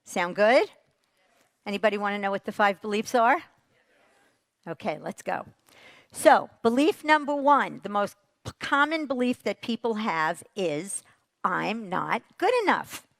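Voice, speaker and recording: Animated woman giving a parenting talk. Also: mid-range voice, measured pace, dry recording. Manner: animated, asks the audience questions. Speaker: parenting expert. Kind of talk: motivational stage talk.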